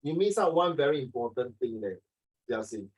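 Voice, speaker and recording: A man teaching an online English class over a video call, talking fast and jokingly, often ending his sentences with "ah" and "okay". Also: medium pitch, sing-song, slightly rough, rough recording.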